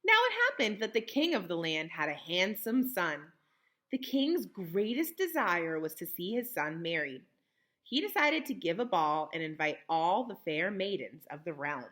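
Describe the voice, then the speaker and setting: A young woman teacher reading a picture book aloud to children, pausing to explain words in simple terms. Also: lowish voice, very animated, a bit bright.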